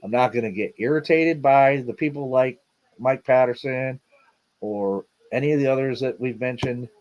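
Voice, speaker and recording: A man's voice: mid-range voice, moderate pace, a little mellow, dull audio. A middle-aged man hosting a casual livestream, rambling and repeating himself with lots of fillers and a laid-back "man" here and there. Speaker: livestream host.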